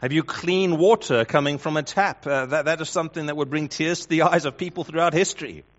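A man preaching a sermon, building through rhetorical questions and swinging between loud emphasis and hushed lines. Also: a little high, brisk. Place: church hall with congregation. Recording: dull lo-fi sound.

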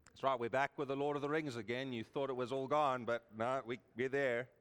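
A man preaching a sermon, telling stories earnestly with dramatic pauses and repeated words. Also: medium pitch, fairly even intonation, fairly bright tone, clean tone, long reverb tail.

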